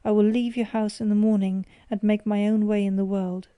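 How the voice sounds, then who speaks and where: A woman's voice: mid-range voice, little pitch movement, brisk, warm tone, clean tone, no room sound, lightly acted. Woman reading as a defiant young son. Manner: defiant, indignant. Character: young man, proud, wounded son.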